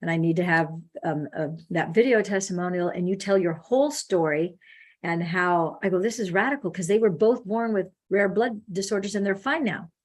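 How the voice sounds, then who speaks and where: A woman's voice: fairly low pitch, normal speed. A woman hosting a casual call, telling stories with acted-out quotes. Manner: animated storyteller acting out quoted speech. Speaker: host. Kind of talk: casual phone consultation.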